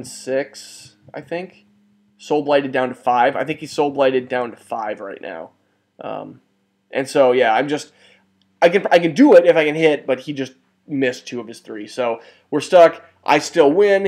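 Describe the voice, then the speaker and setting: Excitable man recapping a tabletop battle. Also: mid-range voice. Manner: rambling and excitable, often restarts and corrects himself; mild cursing and exclamations. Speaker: tabletop wargame battle report presenter. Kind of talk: casual play-by-play narration over photos.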